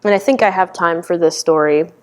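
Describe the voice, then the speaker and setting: A woman's voice: lowish voice, fairly quick, darkish tone. Candid woman giving a dharma talk. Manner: candid, conversational storytelling. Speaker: meditation teacher.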